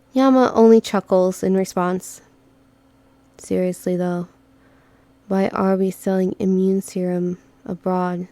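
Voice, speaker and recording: Brief: woman reading as a dry, sarcastic young operative, slow and mellow. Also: medium pitch, dry recording, lightly acted. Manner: wry, sarcastic.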